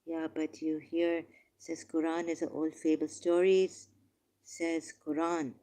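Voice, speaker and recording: Low, slow-spoken woman correcting insistently. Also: level tone, dark tone. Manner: insistent, repeatedly correcting, reads verses aloud. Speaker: debate participant. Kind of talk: heated religious debate.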